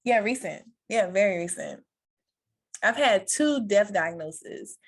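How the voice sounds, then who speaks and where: Animated woman telling her story. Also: slow. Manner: animated, acts out quoted voices with big pitch jumps; laughs often while telling. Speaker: podcast guest. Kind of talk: personal storytelling in conversation.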